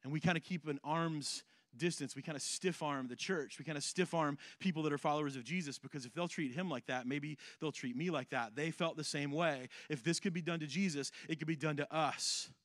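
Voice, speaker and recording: Earnest high-voiced male preacher. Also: brisk, no echo, clean studio sound. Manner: earnest preaching, repeats phrases for emphasis, swings between soft and loud. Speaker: pastor. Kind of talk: sermon.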